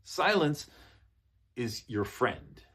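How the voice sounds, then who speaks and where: A man teaching business in a relaxed spoken lesson, often checking in with "okay?". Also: mid-range voice, extremely slow, husky. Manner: relaxed, repeats points, ends with "okay?". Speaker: English coach. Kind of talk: casual spoken lesson to camera.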